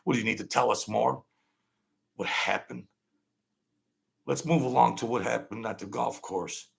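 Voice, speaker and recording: Gravelly-voiced man ranting sarcastically. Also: medium pitch, fairly even intonation, normal speed. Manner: sarcastic, mocking, repetitive. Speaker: political commentary host. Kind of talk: livestream political rant.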